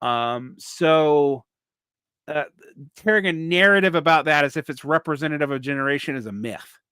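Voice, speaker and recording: Bright-voiced Southern man, halting live talk. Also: fairly high pitch, clean tone, dry recording, studio quality. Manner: halting, with frequent restarts and fillers. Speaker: vlog host. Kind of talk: casual live commentary.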